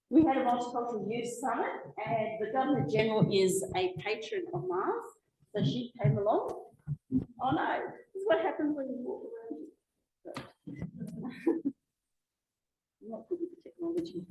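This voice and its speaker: A woman's voice: on the high side, slight background noise. A middle-aged woman giving a passionate, emphatic public talk as a guest speaker in a meeting hall. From Australia. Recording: echoey hall recording.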